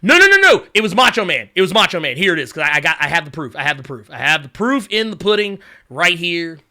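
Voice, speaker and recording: A man hosting a casual reaction video, talking excitably and profanely and laughing often. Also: fairly high pitch, quick pace. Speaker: video host.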